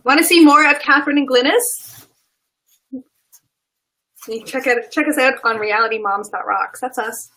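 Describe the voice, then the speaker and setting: A woman's voice: high-pitched, normal speed, long pauses, sharp tone, rough recording. A woman in her thirties hosting a casual live video chat from home, chatty and laughing often, heard over a webcam call. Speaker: host. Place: home, sheet hung behind her.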